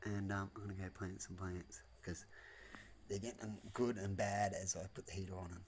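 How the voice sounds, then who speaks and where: A man's voice: low-pitched, level tone, normal speed, a little mellow, a little hiss or hum. Man, casual home vlog monologue, wandering and repetitive. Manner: loose, repetitive, tags lines with "right?". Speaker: vlogger. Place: at home indoors.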